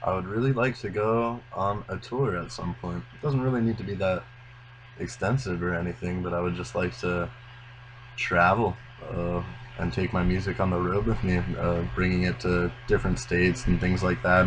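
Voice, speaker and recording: A young man in his twenties, a musician guest in a casual interview, speaking earnestly and unhurriedly, often trailing off softly. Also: deep voice, steady tone, normal speed, a little hiss or hum, low-quality recording.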